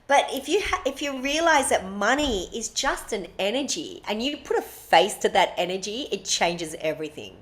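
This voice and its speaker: A woman's voice: mid-range voice, very animated, moderate pace, few pauses, fairly bright tone. Blunt, swearing woman storyteller. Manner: blunt, emphatic, swears freely. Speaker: podcast co-host. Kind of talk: casual chat, personal storytelling.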